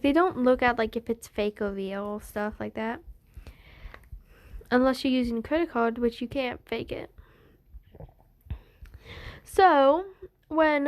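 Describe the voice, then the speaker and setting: Young woman, casual storyteller, rambling delivery, high-pitched and unhurried. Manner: rambling, full of fillers and restarts. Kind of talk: casual fan-story telling.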